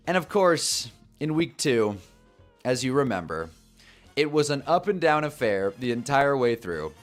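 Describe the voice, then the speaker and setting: A young man telling a story on his football live stream, with a mid-pitched voice that swings up and down a lot. He talks in a chatty, animated way and laughs at his own jokes, with faint music playing behind him.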